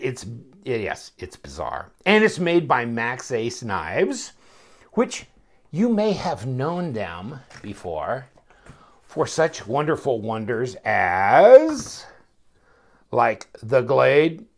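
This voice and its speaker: A man with a gravelly, creaky voice talks slowly through a casual product review. His pitch rises and falls in a lively way. He rambles, chuckles often and breaks off mid-thought. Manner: chuckling, rambling, self-interrupting. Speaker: knife reviewer.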